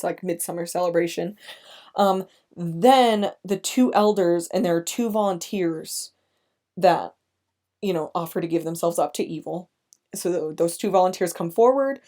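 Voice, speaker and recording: Halting, emotional woman with a mellow voice. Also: lowish voice. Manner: emotional, halting, many restarts and nervous laughs. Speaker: podcast host. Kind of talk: casual film review chat.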